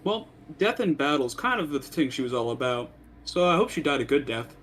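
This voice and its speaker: A man's voice: medium pitch, big pitch swings, a little fast, fairly bright tone, slight background noise. A man playing his character in a tabletop game in an easygoing, joking way. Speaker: player.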